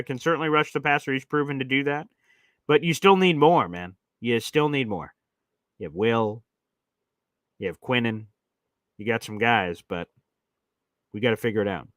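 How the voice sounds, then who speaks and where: A man's voice: mid-range voice, fairly bright tone, no room sound, studio quality. A man hosting a live sports talk stream, speaking emphatically and reading out viewer comments. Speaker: sports show host.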